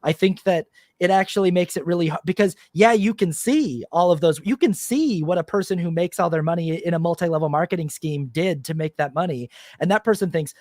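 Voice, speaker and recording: A man hosting a casual podcast, his voice a bit higher than most men's and recorded close and dry. He talks animatedly, with frequent fillers, and slips into mock voices when he quotes people. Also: a little fast, hardly any pauses, a little mellow, no echo. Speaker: podcast host. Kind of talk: casual conversation.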